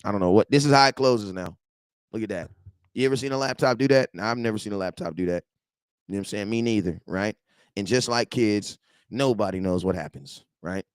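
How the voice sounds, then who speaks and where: A man about forty hosting a casual football fan show from his garage, animated and slangy, swinging between loud outbursts and low asides. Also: brisk, clear, resonant tone, no echo, studio quality.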